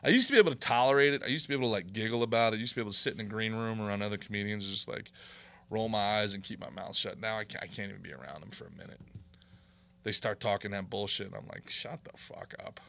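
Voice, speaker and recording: A man's voice: fairly low pitch, racing, gravelly, a bit bright. A man hosting a podcast, delivering a heated, profane comedic rant with mocking impressions. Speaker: podcast host.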